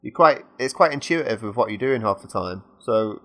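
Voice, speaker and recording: A man's voice: lowish voice, lively intonation, moderate pace, fairly bright tone. A man with a British accent co-hosting a casual gaming podcast, rambling and hesitant as he works through his thoughts. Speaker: podcast co-host.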